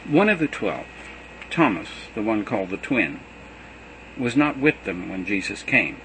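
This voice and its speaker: Expressive low-voiced male scripture reader. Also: a little slow, slight background noise, poor audio. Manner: expressive storytelling reading. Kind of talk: dramatic scripture reading.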